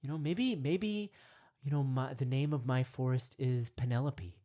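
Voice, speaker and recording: A man leading a parody guided meditation, rambling with constant "you know" and "right?", sometimes dropping to hushed whispers. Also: mid-range voice, normal speed. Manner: drops to hushed whispers at times.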